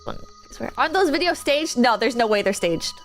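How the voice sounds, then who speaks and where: A woman's voice: a little high, lively intonation, fairly quick, faint music behind. A woman streamer chatting casually while gaming, telling a rambling story full of "like" and restarts.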